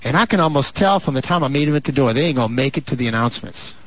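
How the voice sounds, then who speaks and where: A man preaching a sermon as pastor, building to fervent, drawn-out shouts and dropping into mock voices and asides. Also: mid-range voice, expressive, dry recording. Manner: rising to fervent, stretched-out shouts. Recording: muffled lo-fi recording.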